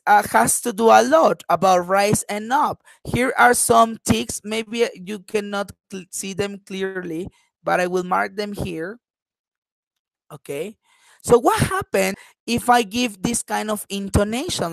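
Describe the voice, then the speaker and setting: A woman for whom is not a teaches an online class, pausing often with little "uh-huh" checks. Her voice sits at a middling pitch. The sound is dry and close, with no room around it. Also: creaky, dry recording. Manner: frequent "uh-huh" check-ins, repeats example sentences with acted intonation. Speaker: English teacher.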